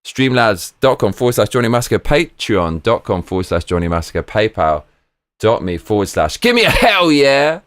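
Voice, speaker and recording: A man hosting a live stream, commenting on footage in an excitable, slangy, chatty way. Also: fairly low pitch, normal speed, no room sound. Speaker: streamer host.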